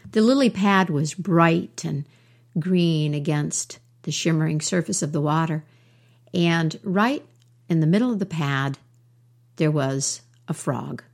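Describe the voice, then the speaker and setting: A woman storyteller telling a folk tale in an unhurried, warm way. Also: deep voice.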